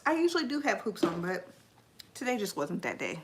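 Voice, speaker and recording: A woman's voice: mid-range voice, big pitch swings, brisk, a little hiss or hum. Chatty woman live streaming to viewers. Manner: chatty, rambling, answers chat comments.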